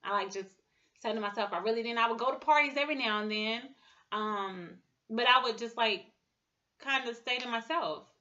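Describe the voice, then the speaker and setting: A woman's voice: fairly high pitch, bright, forceful tone. Thirties woman telling her story, lots of likes and restarts, kinda muffled lo-fi audio. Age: 30s. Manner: halting, heavy with fillers and restarts. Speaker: speaker sharing a personal testimony. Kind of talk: emotional personal testimony.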